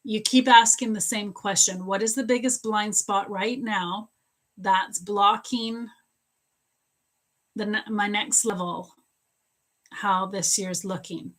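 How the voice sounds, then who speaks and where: A woman's voice: mid-range voice, measured pace, a bit bright. A middle-aged woman doing live psychic readings, talking straight to viewers by name, often repeating herself and laughing. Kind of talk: live-stream readings answering viewer questions.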